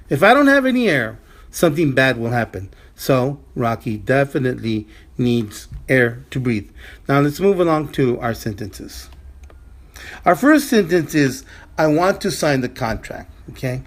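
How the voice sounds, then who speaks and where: Guy teaching a language lesson real slow, repeats stuff, kinda husky. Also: medium pitch, lively intonation. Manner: slow, repeating words with many restarts.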